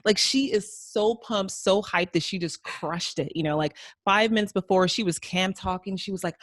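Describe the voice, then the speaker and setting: A woman co-hosting a podcast, chatting casually and acting out quotes with lively jumps in pitch. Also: moderate pace, few pauses, no echo, studio quality. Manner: animated, acts out quotes with big pitch jumps. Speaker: podcast co-host. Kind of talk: casual recap chat.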